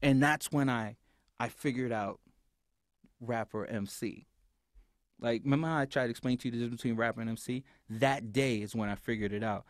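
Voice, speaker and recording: A man telling a story as a podcast guest, his voice middle-pitched and close to a dry mic. He acts out other people's lines, and his volume rises and falls as the story gets heated. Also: fairly quick, no room sound. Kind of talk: animated storytelling.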